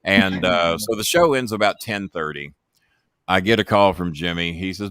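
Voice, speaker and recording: A man's voice: low voice, moderate pace, clear, resonant tone, dry recording, clean studio sound. A man in his sixties, a podcast guest who tells stories full of swearing and acts out what others said. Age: 60s. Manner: animated storyteller, swears freely, acts out quotes. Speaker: guest, former wrestling manager. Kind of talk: profane storytelling in a podcast chat.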